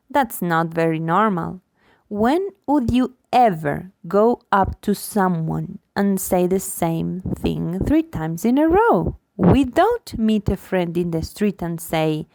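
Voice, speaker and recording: A woman lecturer reading a book chapter aloud in an expressive, lively way, acting out the examples. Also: lowish voice, slow, no room sound. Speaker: linguistics lecturer.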